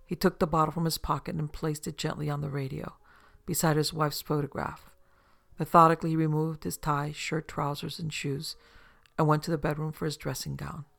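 A man narrating a story as an audiobook in a steady, even storytelling manner. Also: a little high, brisk, gravelly.

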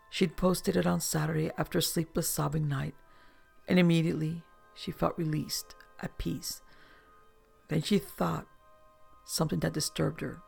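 A narrator reading a literary story in a measured, restrained way. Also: medium pitch, little pitch movement, vocal fry, darkish tone, breathy edge, faint music behind.

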